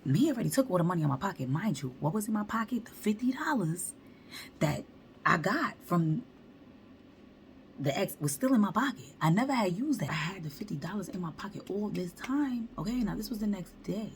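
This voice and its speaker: A woman vlogger telling a storytime monologue in slangy, animated talk, acting out the quotes. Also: mid-range voice, moderate pace, slight background noise.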